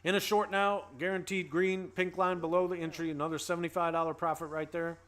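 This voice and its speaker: A man's voice: a little high, level tone, a little fast, fairly bright tone. A man hosting a casual trading livestream, upbeat and playful with slangy banter while he greets viewers. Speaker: host.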